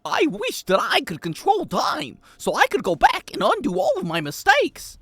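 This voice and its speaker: A man doing an impression of a theatrical old-time movie actor with a slow, grand, drawn-out delivery. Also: very high voice, huge pitch swings, fairly bright tone, breathy edge, dry recording, voice pushed up, heavily acted. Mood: wistful.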